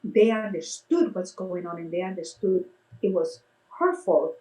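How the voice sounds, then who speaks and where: A woman's voice: lowish voice, measured pace, low-quality recording. A middle-aged woman, a face painter and clown, telling stories in casual conversation and acting out the quotes in a raised voice. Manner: animated, acts out quotes in a raised voice. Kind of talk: casual storytelling.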